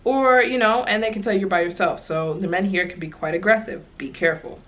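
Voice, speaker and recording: A woman's voice: mid-range voice, a little fast, a bit bright, dull audio, lightly acted. A young American woman voicing a friendly young male seller who earnestly explains a warning.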